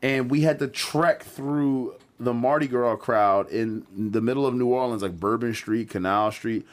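A man co-hosting a podcast, telling a story in a casual, animated way, often restarting and quoting friends. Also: medium pitch, measured pace. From Philadelphia. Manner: animated, jumps into quoted voices, frequent restarts. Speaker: podcast co-host.

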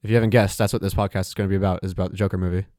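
A man's voice: low voice, little pitch movement, rapid-fire, dark tone, no echo, clean studio sound. Laid-back young man co-hosting a podcast. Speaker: podcast co-host. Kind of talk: casual chat.

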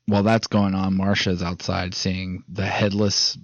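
A man's voice: low voice, flat delivery, a little slow, no room sound. A man casually recapping a movie plot, rambling and swearing as he retells scenes, on a dull, dry recording.

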